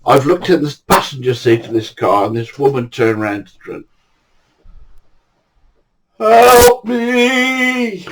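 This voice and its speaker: Older man, casual storyteller, blunt, swears a lot, mid-pitched voice. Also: brisk, few pauses, slightly rough, poor audio. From England. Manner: blunt, swears freely, lively retelling. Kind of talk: casual spoken anecdotes.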